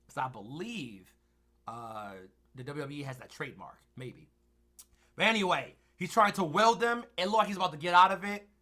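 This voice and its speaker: A man co-hosting a podcast, recapping in casual chat and swinging between loud excited bursts and low mumbles, winded from talking. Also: normal speed. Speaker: podcast co-host.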